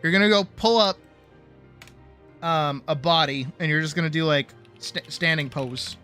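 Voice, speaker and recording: A man's voice: fairly high pitch, normal speed, pushed and bright, clear, resonant tone, faint music behind. A man streaming art who lectures viewers in a blunt, teasing way, with profanity and playful bravado. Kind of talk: casual live-stream art lesson.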